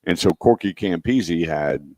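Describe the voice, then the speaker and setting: A man hosting a radio show, telling stories with lively quoted voices. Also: low voice, unhurried, no echo, studio quality. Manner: animated storyteller, acts out quotes. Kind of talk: casual radio chat.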